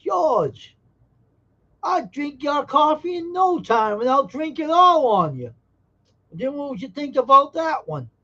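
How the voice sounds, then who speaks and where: A man's voice: extremely high pitch, sing-song, unhurried, sharp tone, dull audio. A man hosting a casual live stream, joking brashly and teasing viewers in chat. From Massachusetts.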